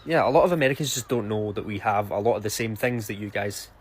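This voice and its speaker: A man's voice: fairly low pitch, fast talker, breathy edge. A Scottish man with a Scottish accent speaks in a brash, emphatic way, swearing freely in a casual social media video. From Scotland.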